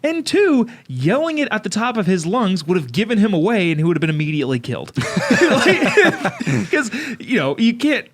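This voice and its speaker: Animated, laughing man with a lively voice. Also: moderate pace, hardly any pauses. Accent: Californian. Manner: animated, laughs often, jumps up in pitch when excited. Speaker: podcast co-host. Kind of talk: casual chat.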